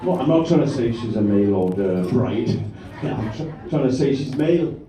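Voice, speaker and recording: Rambling crude stand-up comedian, echoey club. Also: male voice, mid-range voice, expressive, moderate pace, warm tone. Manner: rambling, crude, bantering with the crowd. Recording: echoey room, mic from a distance.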